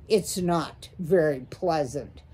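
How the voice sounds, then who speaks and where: A woman's voice: deep voice, slow pace, mellow, husky, full character voice. A woman voicing a menacing, snappish male horned owl in a read-aloud storybook. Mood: gruff, impatient. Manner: snarling, snappish.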